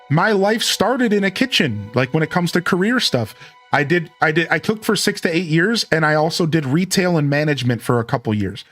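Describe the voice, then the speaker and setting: A man's voice: on the high side, a little fast, faint music behind. Rambling Ohio man in his thirties. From Ohio, USA. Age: 30s. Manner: rambling, self-correcting, animated. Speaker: streamer. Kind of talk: casual live-stream chat with viewers.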